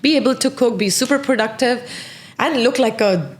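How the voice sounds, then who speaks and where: A woman's voice: on the high side, moderate pace. A woman in her thirties hosting a casual interview chat. She talks passionately and with animation, often restarting her sentences. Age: 30s. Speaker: podcast host.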